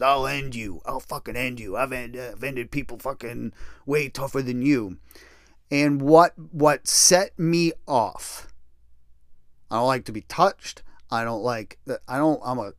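A man's voice: mid-range voice, no room sound. New guy telling a story, swearing a lot, voice all over the place, dry close sound. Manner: profane, animated, restless retelling. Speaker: storyteller recounting prison time. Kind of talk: casual storytelling.

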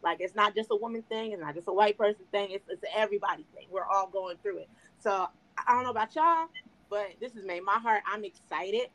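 An excitable woman hosting a casual podcast, chatting with lots of fillers. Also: medium pitch, brisk. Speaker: podcast host.

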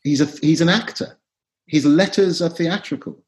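A middle-aged man, an actor and writer, talking as a podcast guest in an animated, theatrical way. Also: on the high side, moderate pace. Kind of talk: podcast discussion.

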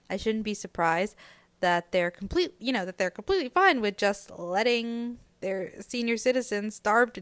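A woman's voice: mid-range voice, clear, resonant tone, dry recording. A woman hosting a podcast, recapping a book in a chatty, conversational way.

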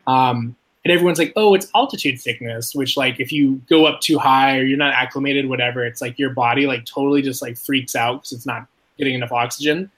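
Young guy rambling thru a story, swears a ton, says like constantly, mid-pitched voice, gets squeaky quoting himself. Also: fairly quick. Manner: rambling, profane, heavy use of "like"; animated, jumps high when quoting himself. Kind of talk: casual storytelling.

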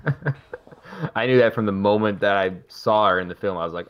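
Lower-voiced male co-host, jokey and loose, casual swearing. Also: a little fast, lo-fi sound. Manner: joking, swears casually, laughs. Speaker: podcast co-host. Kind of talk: casual movie recap chat.

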